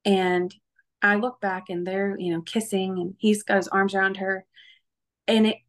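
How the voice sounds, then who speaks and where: Earnest woman telling a dark personal story. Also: medium pitch, little pitch movement, measured pace. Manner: earnest, emotional storytelling with many fillers. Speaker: guest sharing her testimony. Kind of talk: personal testimony interview.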